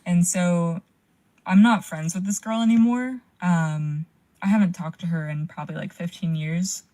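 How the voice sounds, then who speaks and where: Mellow-voiced young woman, filler-heavy story. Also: fairly low pitch, normal speed. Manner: frequent "like" fillers, swearing. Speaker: caller sharing a story. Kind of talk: casual storytelling.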